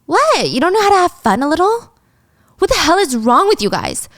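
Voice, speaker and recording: A woman voicing a careless young woman high at a party, flippant and whining. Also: very animated, brisk, fairly bright tone, dry recording, clean studio sound, exaggerated voice. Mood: mocking.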